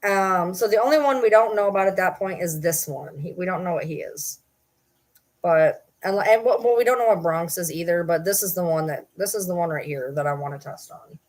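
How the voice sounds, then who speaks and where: A woman's voice: fairly low pitch, brisk. A woman vlogging in casual chat to camera, profane and rambling, breaking off to talk to her dogs.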